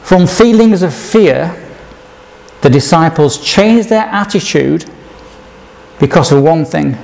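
Slow, higher-pitched male preacher. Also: expressive, creaky, a little mellow. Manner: reads scripture aloud and asks the listeners questions. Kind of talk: sermon.

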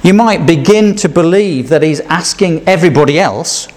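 A man preaches in an easy, conversational way, often pausing on rhetorical questions. His voice sits somewhat high for a man. He acts out the quoted lines with a bit of play. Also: lively intonation, darkish tone. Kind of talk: sermon.

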